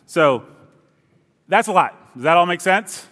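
A man with a somewhat high voice preaches at a church service, joking with the people in front of him. His voice carries a long reverb through the hall. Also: lively intonation, a little slow, fairly bright tone. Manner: playful and chatty with the congregation. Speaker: pastor. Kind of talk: sermon.

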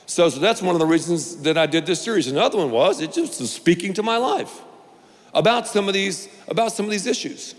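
A man's voice: high-pitched, expressive, a little fast, long reverb tail. A male pastor preaching a sermon, emphatic and repetitive, with playful asides.

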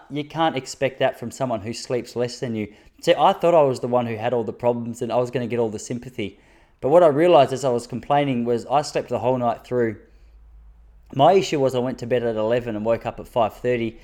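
An Australian man in his thirties doing stand-up, his storytelling wry and self-mocking. He talks in punchy bursts and jumps his voice up high whenever he quotes someone, then drops back to a level, mid-pitched tone. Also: mellow. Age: 30s. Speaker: stand-up comedian.

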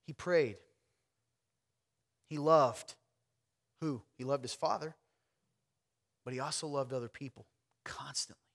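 A pastor preaching a sermon to a congregation in a church, swinging from loud calls to hushed near-whispers, with conversational asides to the listeners. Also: male voice, mid-range voice, measured pace, vocal fry, pauses often.

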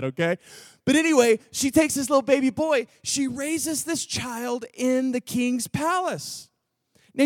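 A man's voice: very high-pitched, no room sound, clean studio sound. A man from Texas preaching a sermon, telling a story in a loose, slangy way with offhand asides. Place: church gathering room.

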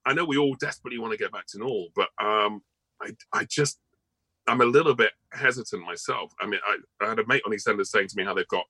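Man, actor guest, low voice, bright and forceful, dry close sound, rambling casual chat. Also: quick pace, breathy edge, dry recording, poor audio. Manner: chatty and rambling, with many ums and restarts.

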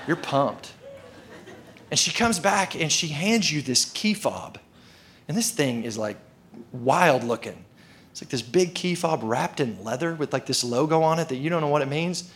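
A man's voice: a little high, lively intonation, normal speed, a bit bright, slight background noise. A male preacher telling a story in a casual, conversational sermon, with frequent filler words.

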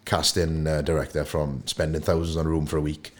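A young Welsh man chatting as a podcast guest, telling stories in an animated way and acting out the voices of people he quotes. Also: rumbling low, brisk. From Wales. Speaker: guest actor. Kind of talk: casual podcast storytelling.

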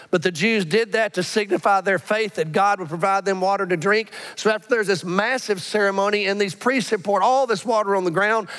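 Pastor, man, high voice, animated storytelling sermon, long sanctuary reverb.

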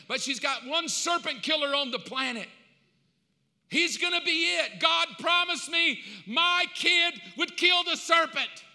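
Animated bright-voiced man preaching. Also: extremely high pitch. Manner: animated, humorous, switching voices. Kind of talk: sermon with acted storytelling. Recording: long hall reverb.

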